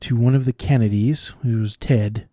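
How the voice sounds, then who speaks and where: A man solving cryptic crossword clues out loud, thinking through each one and explaining the wordplay as he goes. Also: mid-range voice, fairly even intonation, normal speed, no room sound, clean studio sound. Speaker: puzzle solver.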